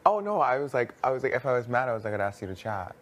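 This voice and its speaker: A woman's voice: a bass voice, very animated, rapid-fire. A woman in casual chat, retelling a conversation and quoting what was said. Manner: chatty, retells conversations with quoted voices. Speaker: reality show houseguest. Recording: noisy live feed audio.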